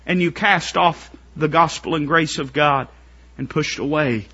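A man preaching a sermon to his congregation, building up to shouted, strained pleading climaxes. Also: fairly high pitch, measured pace, breathy edge, muffled recording.

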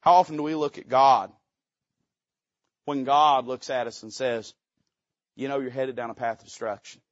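A man's voice: mid-range voice, fairly even intonation, moderate pace, no room sound. Male preacher, folksy and joking, punchy emphatic rises, muffled lo-fi recording. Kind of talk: sermon.

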